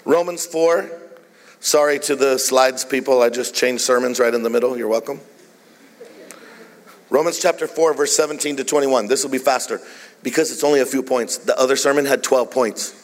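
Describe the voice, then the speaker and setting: Joking preacher in a reverberant hall. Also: male voice, mid-range voice, normal speed. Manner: playful, jokey storytelling preacher. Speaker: pastor. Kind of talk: sermon. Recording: long reverb of a large hall.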